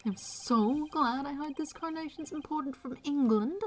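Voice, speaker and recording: A woman's voice: sits high, unhurried, a bit bright, slight background noise. A woman putting on a pompous flamboyant male designer. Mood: haughty. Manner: pompous, put-on accent. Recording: faint music behind.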